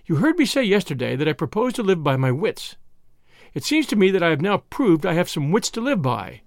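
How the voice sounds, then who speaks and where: A man's voice: sits high, big pitch swings, a little fast, no echo, clean studio sound. A man doing a sweetly cheeky young woman. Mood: coy. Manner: sweet, arch, coy.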